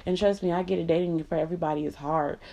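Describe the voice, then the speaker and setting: A woman's voice: on the low side, steady tone, fast talker, dark tone. A woman delivering an impassioned, profane monologue, blunt and emphatic with lots of repetition.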